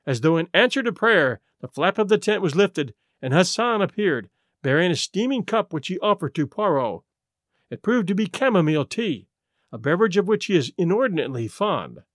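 Male audiobook narrator, high voice, very lively intonation. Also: a little fast, dry recording, studio quality. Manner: expressive, animated reading. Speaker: audiobook reader. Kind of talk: scripted first-person narration.

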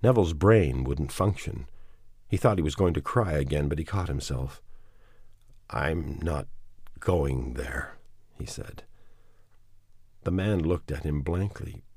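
A man reading a novel aloud as audiobook narration, in a measured and somber way. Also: extremely low pitch, darkish tone, dry recording, studio quality. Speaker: audiobook reader.

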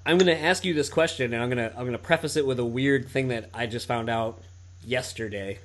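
Male podcast host, 30s, mid-pitched, loose and profane, filler-heavy. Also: fairly quick, fairly bright tone. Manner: swears freely, many "like" and "you know" fillers. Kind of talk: casual podcast chat.

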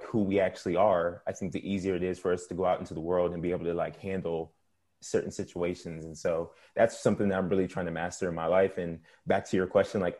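A man's voice: low-pitched, warm tone. A man talking on a panel in a thoughtful, reflective way. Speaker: panel guest. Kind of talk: casual panel chat.

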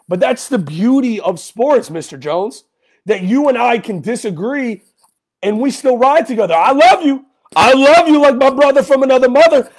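A man hosting a sports podcast, delivering a heated fan rant and often yelling in anger. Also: very high-pitched. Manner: angry, yelling at times.

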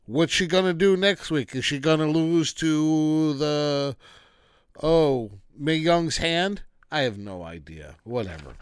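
Rambling man, smooth slightly high voice. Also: takes it slowly, no echo, clean studio sound. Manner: rambling and dismissive, breaks into rants. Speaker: wrestling show reviewer. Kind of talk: casual solo commentary.

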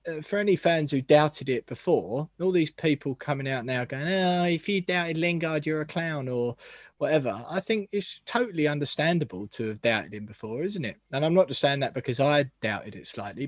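A man hosting a casual football podcast, chatty and quick to laugh. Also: on the high side, lively intonation, no room sound, studio quality. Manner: chatty, laughs often, tries mock accents. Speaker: podcast host.

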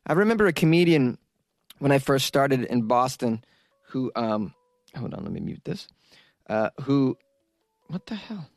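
A man's voice: medium pitch, sing-song, measured pace, vocal fry, pauses often, no room sound, clean studio sound, faint music behind. A middle-aged man, a comedian hosting his own podcast, talking casually and rambling with self-interruptions. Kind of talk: casual solo podcast talk.

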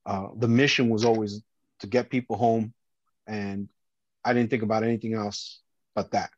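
A man, a former police officer and podcast guest, earnestly recounts a harrowing personal story, often halting and restarting. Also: on the low side, steady tone, no room sound. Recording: dull lo-fi dry sound.

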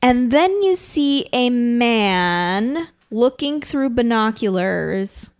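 A woman's voice: fairly high pitch, sing-song, very slow. Female podcast co-host, loose and giggly, casual recap chat with lots of fillers.

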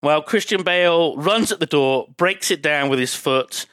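A man's voice: fairly high pitch, normal speed, a bit bright, no echo. A man hosting a podcast, recapping a film scene in casual, sweary chat and acting out sound effects. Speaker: podcast host.

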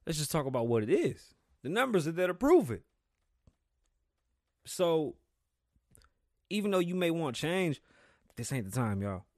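A man hosting his own podcast, talking loosely and excitably, swearing often and stumbling over words. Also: on the high side, a little slow, pauses often, dry recording, studio quality. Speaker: podcast host. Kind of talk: casual solo podcast talk.

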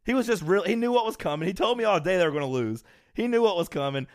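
A man's voice: high voice, quick pace, dry recording. A man co-hosting a casual chat, telling a story with energy and acting out quotes. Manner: animated storyteller, acts out quotes, laughs often. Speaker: podcast co-host.

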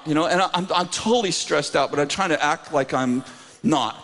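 A man preaching, telling a story in an animated, self-mocking way with lots of laughter, in a church sanctuary. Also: a little high, moderate pace. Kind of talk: sermon storytelling. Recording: reverberant hall with faint noise.

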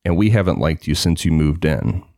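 A cold, dispassionate male kidnapper speaking in a low, even voice, as a man reads his lines aloud. He sounds calm and menacing, and the recording is dry and close. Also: normal speed, creaky, dry recording, full character voice.

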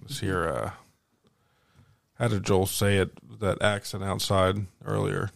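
Low gravelly man in casual chat. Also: flat delivery, measured pace, no room sound, studio quality. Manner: loose, swearing, laughs often. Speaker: podcast co-host.

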